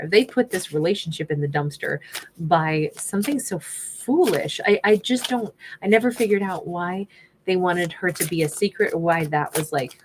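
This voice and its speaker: A woman with a somewhat low voice talks through a tarot spread in a loose, chatty way. She rambles off into asides and speaks informally, as if from her desk at home. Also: a little hiss or hum. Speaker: tarot reader. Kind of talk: casual tarot reading monologue.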